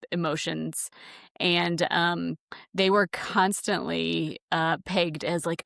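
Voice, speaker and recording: A woman's voice: lowish voice, measured pace, creaky, fairly bright tone, no echo, studio quality. A woman co-hosting a podcast in casual chat, talking freely and laughing between phrases. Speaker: podcast co-host.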